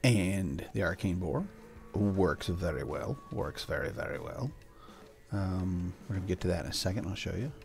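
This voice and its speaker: An older man hosts a gameplay video in a low, gravelly, slightly mellow voice, speaking at normal speed with lively intonation. He chats casually and rambles through the let's-play, cooing at his pets over faint background music.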